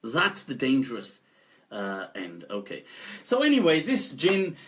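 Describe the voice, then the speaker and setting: A scholar talking casually on a live stream, animated and laughing often as he speaks. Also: mid-range voice, a little slow. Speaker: Islamic scholar.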